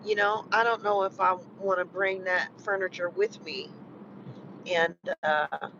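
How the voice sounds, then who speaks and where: A vlogger in an emotional personal chat, talking in a rambling, halting way, full of "you know" and restarts. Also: mid-range voice, steady tone, background noise. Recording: muffled lo-fi recording.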